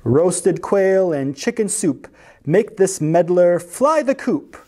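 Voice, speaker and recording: A storyteller voicing a boastful young male magician who chants rhyming spells slowly in a sing-song way and is quick to throw a tantrum, in a picture book read-aloud. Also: mid-range voice, very animated, mellow. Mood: chanting spells.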